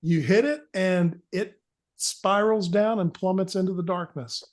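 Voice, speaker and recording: Guy gm, higher voice, laid back, chuckling narration. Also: unhurried. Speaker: game master. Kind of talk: narrating a tabletop horror game.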